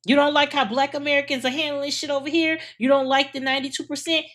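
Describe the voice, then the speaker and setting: A woman's voice: sits high, level tone, fast, fairly bright tone. A woman co-hosting a podcast, blunt and profane, scolding listeners in casual political commentary. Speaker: podcast co-host.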